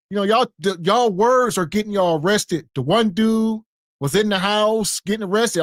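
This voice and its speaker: A man's voice: high voice, lively intonation, normal speed, no room sound, clean studio sound. A man co-hosting a podcast, commenting bluntly on a video in a casual, mocking way. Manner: blunt, mocking, quotes others. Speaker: podcast co-host.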